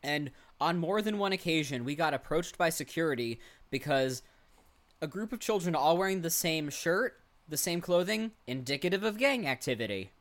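A woman's voice: low voice, lively intonation, normal speed. A woman co-hosting a casual chat, a wry storyteller who swears and adds dry asides. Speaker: podcast co-host. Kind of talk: casual chat recapping a TV episode.

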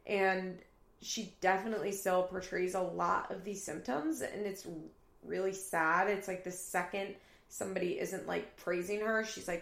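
A woman talks through a reality TV episode in a relaxed, chatty recap. She often jumps into quoted lines with a louder voice. Her voice has a gravelly edge, and the room around her has a noticeable echo. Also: medium pitch, moderate pace. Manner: animated retelling, acts out quoted lines with raised voice. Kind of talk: casual recap commentary.

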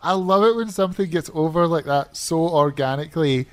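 Male co-host, slightly high voice, loose, enthusiastic and profane in casual chat. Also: brisk. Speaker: podcast co-host.

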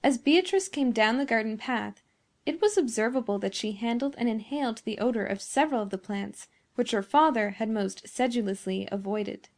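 Woman narrator for a classic gothic tale, slightly high pitch, measured and expressive. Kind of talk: scripted narration of a classic story.

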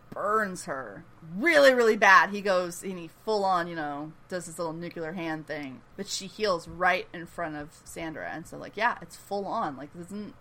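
A woman giving a casual, animated episode recap, chatty and full of "like" and "you know.". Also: lowish voice, a little hiss or hum. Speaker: podcast host recapping a TV episode. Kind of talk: casual chat.

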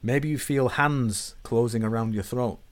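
A man, hosting a conversation and explaining ideas in a measured way, often dropping low and quiet at the ends of phrases. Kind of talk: conversational discussion.

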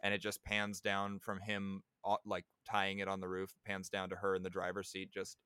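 A man's voice: low-pitched, completely flat delivery, normal speed, pushed and bright, clear, resonant tone, dry recording, studio quality. A man co-hosting a casual movie review podcast, rambling and playfully analytical. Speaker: podcast co-host.

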